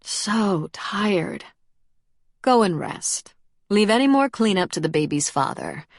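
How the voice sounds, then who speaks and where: A woman voicing a stubborn, sharp-tongued older mother who speaks curtly. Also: medium pitch, animated, slow pace, no room sound, studio quality. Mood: tired. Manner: curt, dismissive.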